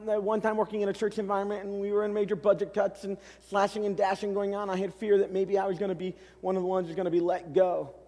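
A middle-aged male pastor with a fairly high voice tells a story from the pulpit, animated and self-deprecating, talking straight to the congregation. His voice rings out through a large church auditorium with a long reverb trailing after each phrase. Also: fast talker, few pauses. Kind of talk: storytelling sermon.

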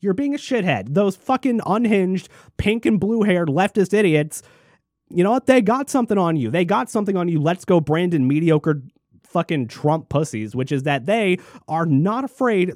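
A man in a furious, profanity-laden political rant, heaping scorn on his targets. His voice sits a little high. The sound is dry and close, with no room around it. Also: darkish tone, no room sound. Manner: angry, profane, mocking mimicry. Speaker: commentator. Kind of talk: ranting political commentary.

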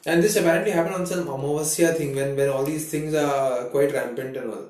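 Casual podcast co-host, male, slightly high voice, rambling storyteller; recorded far from the mic in a very echoey room. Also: steady tone, a little fast, darkish tone, a little hiss or hum. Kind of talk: casual chat.

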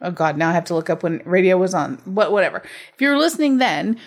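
A woman's voice: lowish voice, sing-song, fast. A woman co-hosting a casual movie review, dry and teasing with wry asides. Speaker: podcast co-host.

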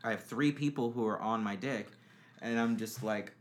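Rambling through his stories as a podcast guest, a young man swears freely and leans on lots of fillers in a casual chat. He speaks at a normal pace in a medium-pitched, steady voice.

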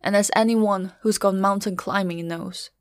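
A middle-aged woman narrating a first-person story in a quiet, measured, grieving way. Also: medium pitch, fairly even intonation, no room sound, studio quality.

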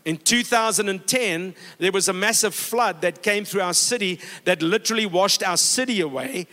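High bright-voiced preacher man, echoing hall. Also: normal speed, few pauses. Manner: exhorting, storytelling with quoted dialogue. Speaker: pastor. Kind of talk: sermon. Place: church. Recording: long hall reverb.

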